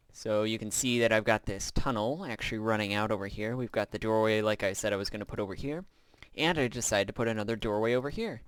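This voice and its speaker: Low, smooth-voiced man narrating gameplay. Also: no echo. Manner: relaxed and rambling, with frequent "uh" fillers. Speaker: gameplay video host. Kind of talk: casual gameplay commentary.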